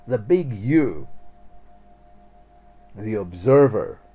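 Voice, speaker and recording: A man's voice: mid-range voice, darkish tone. A man hosting a spiritual radio talk, reflective and chuckling often.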